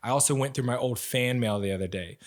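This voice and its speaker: A young man telling stories on a podcast in an animated, self-mocking way. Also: mid-range voice, quick pace. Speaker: podcast co-host, ninja athlete. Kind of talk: casual storytelling chat.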